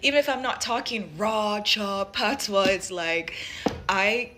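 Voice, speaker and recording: A woman's voice: medium pitch, animated, a little slow, background noise. A young woman from Jamaica with a light Jamaican accent, talking reflectively and casually to her viewers with many fillers. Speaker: vlogger. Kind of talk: casual personal talk to camera.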